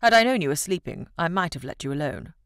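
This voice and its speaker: A teasing young gentleman with a mischievous, dry wit, as a woman narrator puts him on. His voice sits noticeably lower than the reader's own, with a lively rise and fall. The recording is close and dry. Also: quick pace, dry recording. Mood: playful.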